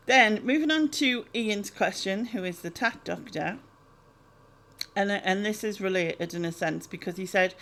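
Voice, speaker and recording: A woman with a medium-pitched, slightly bright voice casually answers viewer questions in a Q&A vlog. She rambles, with plenty of ums and laughter along the way.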